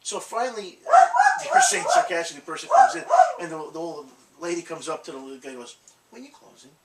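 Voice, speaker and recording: A man's voice: high voice, huge pitch swings, quick pace, gravelly, far from the mic. A man hosting a collectibles channel, telling rambling stories in casual chat, laughing often and swearing. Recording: echoey room, off-mic, faint noise.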